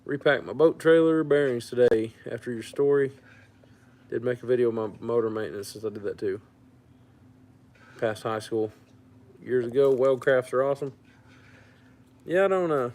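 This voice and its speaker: Man from Louisiana, mid-pitched, easygoing stream host answering chat. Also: moderate pace, long pauses. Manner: relaxed, reads out and answers viewer comments. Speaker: fishing channel host. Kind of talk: casual livestream chat.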